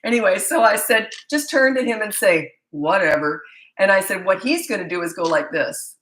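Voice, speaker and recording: A woman's voice: mid-range voice, expressive, fairly quick, fairly bright tone, reverberant, slight background noise, low-quality recording. A woman in her fifties, a parenting coach, answering viewer questions in a chatty, blunt way, with stammered restarts. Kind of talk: live Q&A answering viewer comments.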